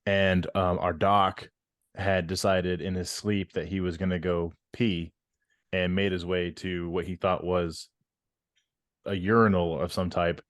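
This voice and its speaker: A man in his thirties co-hosting a podcast, talking casually in a measured way with many pauses and restarts. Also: low-pitched, level tone, no echo, clean studio sound. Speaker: podcast co-host, army veteran. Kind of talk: casual chat.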